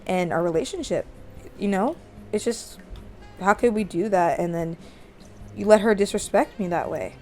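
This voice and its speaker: A hurt young woman presses her boyfriend for answers, earnest but reasonable, as a woman voices her. Her voice stays at a plain middle pitch. Faint game music plays underneath. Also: normal speed, long pauses, dark tone, close to an everyday voice.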